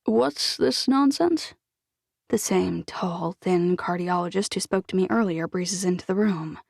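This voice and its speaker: A woman's voice: lowish voice, flat delivery, moderate pace, vocal fry, a little mellow, no room sound, studio quality. A woman reading a novel in the first person, with a wry, self-deprecating manner. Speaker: audiobook narrator. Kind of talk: first-person fiction narration.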